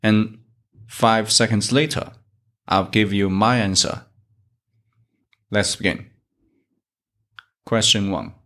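A man from China with a Chinese accent, teaching a Chinese lesson in English and reading the examples slowly. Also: lowish voice, steady tone, bright, forceful tone. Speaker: Chinese teacher, podcast host. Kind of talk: slow, methodical language lesson.

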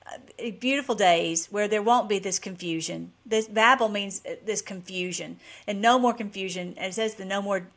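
A woman's voice: mid-range voice, normal speed, fairly bright tone. A woman hosting her own channel, talking in an enthusiastic, rambling way with frequent restarts. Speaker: channel host. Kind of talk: casual vlog chat.

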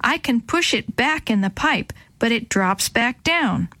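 A brave, curious young girl, voiced by a woman reading a storybook, speaks in a high, eager voice. The sound is dry and close-miked. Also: expressive, unhurried, bright, forceful tone, no echo, heavily acted.

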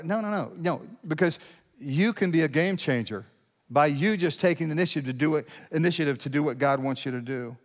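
A man's voice: a little high, a little fast, long reverb tail. A middle-aged man preaching a sermon as pastor, conversational and prone to restarts and asides.

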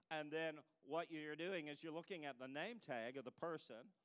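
A male pastor delivering a sermon with a bright, crisp and resonant voice, pitched a little high for a man. He talks conversationally, telling stories, chuckling at his own jokes and asking the congregation questions. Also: normal speed.

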